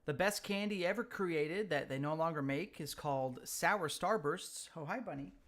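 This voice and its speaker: Bright-voiced man, excitable game streamer. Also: fairly high pitch, moderate pace. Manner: excitable trash talk during gameplay. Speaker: livestream co-host. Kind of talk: casual chat while playing a game.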